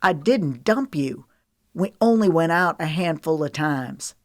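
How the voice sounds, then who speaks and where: A woman voicing a stubborn, gruff young male cowboy in an audiobook, speaking curtly and bluntly. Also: deep voice, expressive, measured pace, dry recording, clean studio sound. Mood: annoyed. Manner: curt and blunt. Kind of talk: audiobook character reading.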